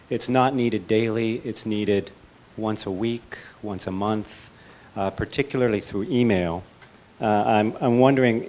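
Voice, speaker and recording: Male audience member, low-pitched, halting question from the floor. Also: darkish tone. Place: conference hall.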